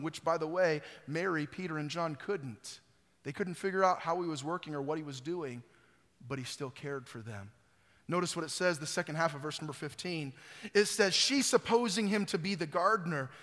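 A male pastor preaching an Easter sermon, swelling to loud emphasis and dropping to quiet, recorded in a church sanctuary. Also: high voice. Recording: church hall reverb.

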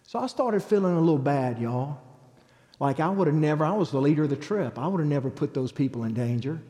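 Evangelist, middle-aged, animated storyteller, warm-toned, big hall reverb. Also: male voice, a little high, fast. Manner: animated storyteller acting out quotes. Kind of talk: preaching testimony.

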